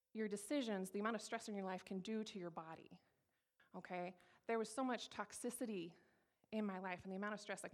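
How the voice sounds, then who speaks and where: Woman in her 30s from colorado telling her story to a crowd, blunt and emphatic, says things twice. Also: mid-range voice. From Colorado, USA. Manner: candid and emphatic, repeats key phrases. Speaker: speaker sharing her testimony. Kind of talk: personal testimony to an audience.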